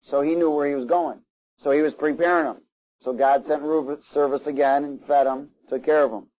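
A man delivers a sermon in a fairly high voice. He reads scripture aloud and breaks off for asides and questions to his listeners. The recording sounds a little dull and lo-fi. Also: steady tone, normal speed. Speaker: preacher.

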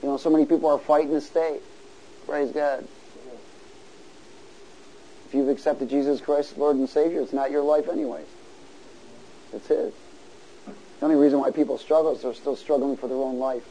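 A man preaching a sermon, asking the congregation to answer and building to loud exhortation. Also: fairly high pitch, steady tone, moderate pace, pauses often, a little hiss or hum, poor audio. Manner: call-and-response, rising to loud exhortation.

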